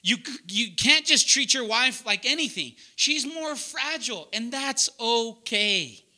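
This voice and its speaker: Young adult pastor guy, real loud and punchy, high bright voice, keeps quizzing the room. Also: lively intonation, unhurried. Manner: loud, emphatic, asks the room questions. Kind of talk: sermon.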